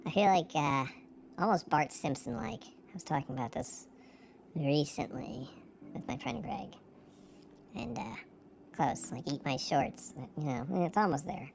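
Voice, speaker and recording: Voice changer filter, cartoonish bratty boy, gravelly edge, faint hiss behind. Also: on the high side, animated, unhurried, pitched above the performer's own voice. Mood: goofy.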